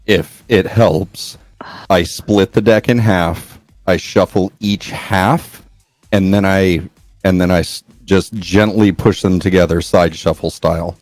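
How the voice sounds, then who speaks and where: A man co-hosting a casual card game stream, explaining in a measured way with small restarts. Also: low-pitched, fairly even intonation, darkish tone, no echo, faint music behind. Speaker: co-host player. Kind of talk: casual chat.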